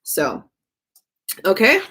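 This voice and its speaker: A woman's voice: very slow, noisy background. Chatty woman giving a tarot reading. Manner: chatty, laughs often, reads chat aloud. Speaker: tarot reader streamer. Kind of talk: live-stream tarot reading.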